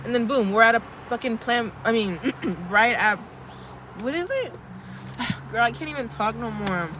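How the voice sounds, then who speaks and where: A woman's voice: fairly high pitch, expressive, moderate pace, pushed and bright, a little hiss or hum. A young woman in casual, blunt pep-talk mode, chatty and sweary, calling her viewers girl as she vlogs. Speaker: vlogger.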